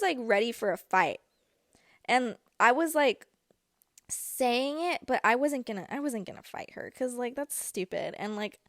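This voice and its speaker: A woman's voice: fairly high pitch, no echo, clean studio sound. A young woman hosting a podcast, telling a personal story in a chatty way with many fillers. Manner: chatty, filler-heavy, animated retelling. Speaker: podcast host. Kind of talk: casual storytelling.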